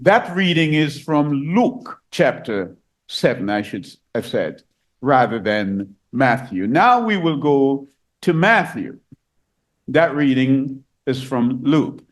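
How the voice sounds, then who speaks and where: A man preaching a sermon, reading scripture aloud and explaining it, repeating key phrases and rising higher and louder for emphasis. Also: very animated, slow.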